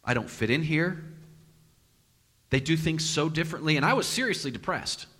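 Guy preaching and telling a story, bright voice, really lively, big hall echo. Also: fairly high pitch, moderate pace, slightly rough. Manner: animated, acts out quotes with sudden loud and hushed turns. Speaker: pastor. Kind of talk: sermon with personal storytelling. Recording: long reverb of a large hall.

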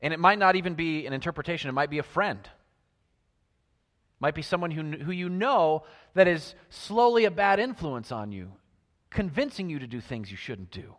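A man preaching a sermon, telling stories and swinging between loud emphasis and hushed lines. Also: on the high side, expressive, moderate pace, long reverb tail.

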